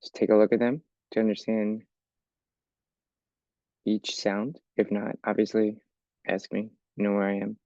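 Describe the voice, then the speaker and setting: Guy teaching esl, patient, keeps asking okay?, gravelly dark voice, dry dull lo-fi sound. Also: on the low side, level tone, a little slow, long pauses, no echo. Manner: patient, explains step by step with frequent "okay?" checks. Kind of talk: recorded English lesson.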